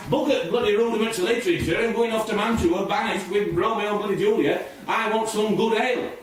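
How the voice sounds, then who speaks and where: A man's voice: high voice, fairly bright tone. Exasperated man musing aloud. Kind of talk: theatrical solo monologue. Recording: echoey room, distant mic.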